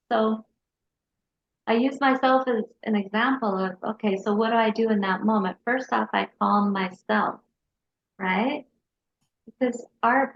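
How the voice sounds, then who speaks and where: A woman therapist telling a personal story in an interview, in a lively storyteller's manner. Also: a little high, gravelly. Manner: lively storyteller who acts out her kids' voices. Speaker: hypnotherapist and mental health counselor. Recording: dull lo-fi sound.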